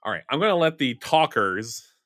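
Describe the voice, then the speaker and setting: A man's voice: mid-range voice, very animated, moderate pace, a bit bright, no room sound, clean studio sound. A man running a tabletop game as game master, narrating in a rambling way, full of fillers and self-corrections.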